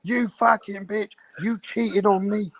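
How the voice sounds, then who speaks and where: A man putting on the high, shouting voice of a furious jealous woman. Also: flat delivery, quick pace, gravelly. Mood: screaming. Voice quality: shrill, shouting.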